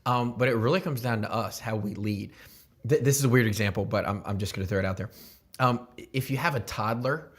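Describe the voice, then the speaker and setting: A man's voice: medium pitch, a little fast. A man who leads a church, talking earnestly about leadership as a podcast guest. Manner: earnest, reflective, gives examples. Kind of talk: casual podcast interview.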